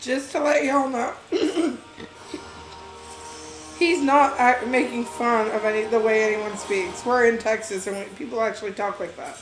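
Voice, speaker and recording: Brief: woman co-player, casual asides, high pitch, a bit far from the mic, echoey room. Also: unhurried. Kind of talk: casual gameplay chat. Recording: echoey room, game music behind.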